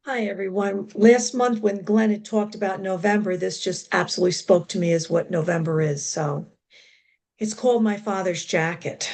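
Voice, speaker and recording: A woman poet reading a calm, descriptive poem on a video call. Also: mid-range voice, normal speed. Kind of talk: poetry reading.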